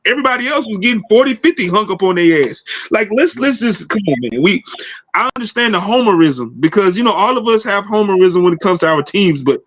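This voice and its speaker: A man's voice: high-pitched, a bit bright, muffled recording. A man joining a sports talk show, questioning and exasperated about a rival's claims. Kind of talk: casual sports debate.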